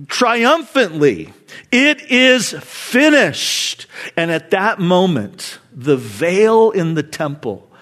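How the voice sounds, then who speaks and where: A man's voice: high voice, a bit bright. A middle-aged man preaching a sermon to his church in an earnest, conversational way, often repeating words as he goes. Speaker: pastor.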